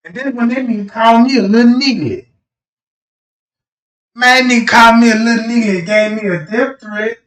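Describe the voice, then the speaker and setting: A man's voice: very high voice, normal speed, long pauses, fairly bright tone, distant mic. A man doing a rambling, profane livestream rant, repeatedly asking his listeners whether they know what he's talking about. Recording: roomy echo, speaking away from the mic.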